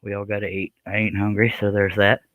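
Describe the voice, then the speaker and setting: A man's voice: lowish voice, monotone, brisk, fairly bright tone, no room sound, poor audio. A man hosting a live stream, chatting casually in a joking, rambling, self-deprecating way. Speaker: live stream host, scroll saw artist.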